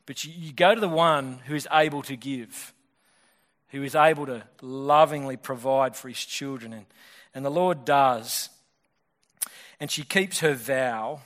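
A male pastor preaching a sermon in a fast, conversational way, often restarting his sentences. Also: mid-range voice, fairly bright tone. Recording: long hall reverb.

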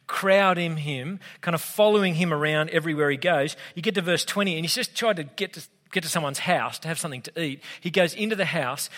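Australian male pastor, slightly high voice, chatty joking sermon, long reverb hall. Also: fairly bright tone. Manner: casual, conversational, humorous asides.

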